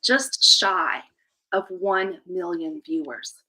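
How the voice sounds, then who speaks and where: A woman life coach speaking as a podcast guest, delivering an energetic, emphatic motivational pitch. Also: slow, rough recording. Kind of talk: live podcast interview.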